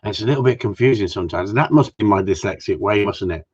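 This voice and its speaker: A man's voice: lowish voice, fast, breathy edge. A man hosting a live stream, chatting in a cheeky, sweary, rambling way that jumps between topics. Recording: dull lo-fi stream audio.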